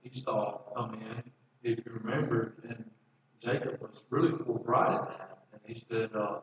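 A pastor preaches at normal speed with a medium pitch and a steady tone, reading scripture and explaining it conversationally as he repeats words along the way. The recording has a faint hiss or hum, roomy echo, and a dull sound from a distant mic.

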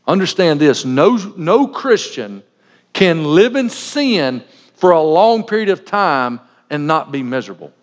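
Folksy pastor in a big hall. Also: male voice, a little high, sing-song, unhurried. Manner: folksy, joking asides, acts out little scenes. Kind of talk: sermon. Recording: dull sound with long reverb in a large hall.

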